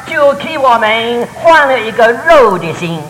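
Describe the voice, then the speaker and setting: A man preaching a sermon in short storytelling phrases, pausing for an interpreter. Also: very high-pitched, very animated, a bit bright. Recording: roomy hall reverb with faint noise.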